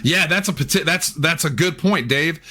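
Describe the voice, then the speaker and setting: A man's voice: fairly high pitch, moderate pace, pushed and bright, breathy edge. A man hosting a casual podcast chat, ranting heatedly with plenty of profanity. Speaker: podcast host.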